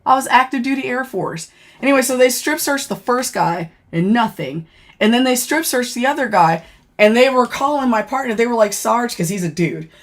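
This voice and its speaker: A woman's voice: fairly high pitch, brisk. Woman animatedly telling a work story. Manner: animated, profane, laughing and dramatizing; chatty with many fillers. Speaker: former corrections officer. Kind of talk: casual livestream storytelling.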